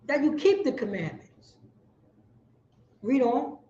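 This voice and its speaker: A man leads a Bible class in a high voice, driving each point home by saying it twice. The sound is dull and lo-fi, and the room rings with echo. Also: sing-song, takes it slowly. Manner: forceful, preachy, repeats lines for emphasis. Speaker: class teacher.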